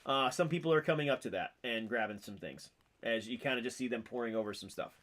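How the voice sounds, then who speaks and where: A man's voice: mid-range voice, fast talker, a bit bright. A man narrating a tabletop game as game master, casual and full of fillers.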